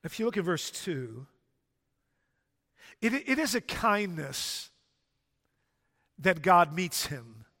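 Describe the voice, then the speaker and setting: A man's voice: high-pitched, sing-song, takes it slowly, pauses often, pushed and bright. A man preaching a sermon, building emphatic points through repetition. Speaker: pastor. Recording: long hall reverb.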